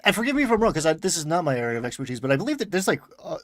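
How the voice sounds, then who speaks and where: A man's voice: on the high side, very animated, racing, a bit bright. A man with a Long Island accent hosting a casual chat, rambling and correcting himself with chuckles. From Long Island, New York. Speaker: podcast host.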